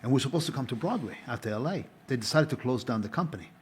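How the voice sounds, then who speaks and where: A man's voice: medium pitch, lively intonation, racing, a little mellow, breathy edge. A man in his fifties, a former stage actor, answering interview questions in a chatty, rambling way with frequent restarts.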